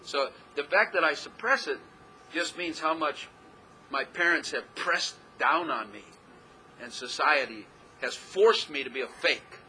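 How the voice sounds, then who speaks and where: A male pastor gives a loose, conversational sermon, rambling and chuckling at his own stories. His voice is very bright and a touch high. A faint hum of room ambience sits behind him. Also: expressive, unhurried, low-quality recording. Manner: folksy, rambling, laughs at himself.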